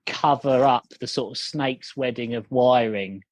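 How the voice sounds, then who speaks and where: A man's voice: medium pitch, unhurried. A man telling a story over a call, rambling with many fillers and restarts. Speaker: guest, company founder. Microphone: video call.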